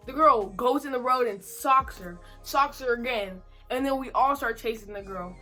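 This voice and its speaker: Brief: young woman vlogger, a touch high, crisp bright tone, animated slangy storytelling. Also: moderate pace, soft background music. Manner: animated, slangy, repeats herself for emphasis. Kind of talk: casual storytime.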